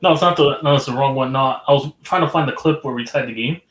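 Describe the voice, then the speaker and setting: Excitable man in casual sports chat. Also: medium pitch, quick pace, reverberant. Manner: excitable play-by-play reactions. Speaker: co-host watching baseball. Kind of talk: casual live-watch chat.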